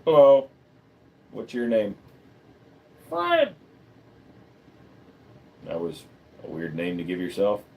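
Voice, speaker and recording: A man's voice: deep voice, moderate pace, phone-quality sound. Male livestream host, loose and foul-mouthed, reads chat and riffs off it. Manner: blunt, profane, rambling, reads chat aloud.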